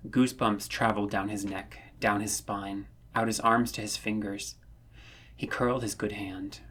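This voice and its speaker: A man narrating a fan-written story, reading in a measured, earnest way that rises when the tension builds. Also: on the low side, steady tone, a bit bright, husky. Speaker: audiobook narrator.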